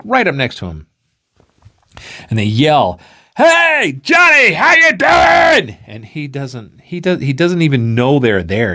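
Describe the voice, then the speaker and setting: Guy explaining stuff with a story, acts it all out, really lively up and down voice. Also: fairly high pitch. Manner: animated, acts out the scenes.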